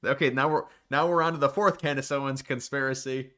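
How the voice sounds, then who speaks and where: A male livestream host chats casually, answering viewer questions and reacting to clips. His voice is smooth and clear, with an easygoing, quick manner of talking. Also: mid-range voice, fairly even intonation, sharp tone. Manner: chatty, quick reactions, reads out chat questions. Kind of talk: casual live reaction chat.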